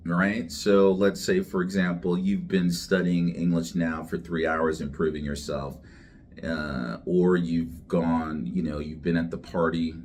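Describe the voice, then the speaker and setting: A man teaching English slang, speaking slowly and deliberately, repeating each word for learners. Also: sits low, slight background noise. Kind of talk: slang vocabulary lesson to camera.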